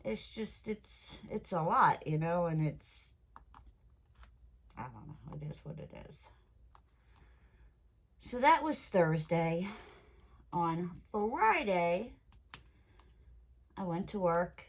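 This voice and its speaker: A woman vlogger telling a story in casual chat, animated and swearing freely. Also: on the low side, takes it slowly, long pauses. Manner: animated, swears freely, quotes herself loudly. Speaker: crafting vlogger.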